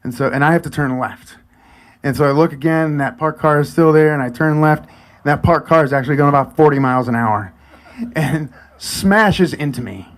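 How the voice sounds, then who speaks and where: A man in his forties telling a personal story live, chatty and animated, sometimes dropping to a near whisper. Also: fairly high pitch. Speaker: storyteller and event host.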